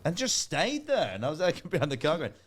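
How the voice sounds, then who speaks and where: A man's voice: fairly high pitch, huge pitch swings, fairly quick, fairly bright tone. A man in his forties, a comedian telling rambling stories in casual chat and laughing at himself. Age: 40s. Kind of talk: casual comic storytelling.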